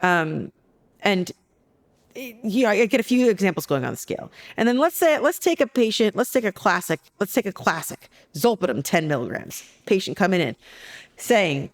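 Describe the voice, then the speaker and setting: A woman psychologist talking as a guest on a podcast interview, telling stories in a lively, joking way. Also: medium pitch, moderate pace. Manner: lively, jokey storytelling.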